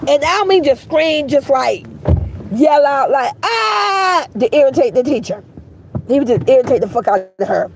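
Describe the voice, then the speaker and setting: A woman telling a story in casual, animated vlog style, cursing freely and calling her listeners girl and baby. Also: on the high side, a little hiss or hum, poor audio.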